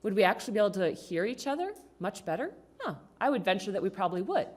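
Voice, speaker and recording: A woman's voice: medium pitch, sing-song, fast talker, darkish tone. A woman giving a conversational talk to a congregation, asking the audience questions. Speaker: speaker at a congregation. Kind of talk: talk on communication.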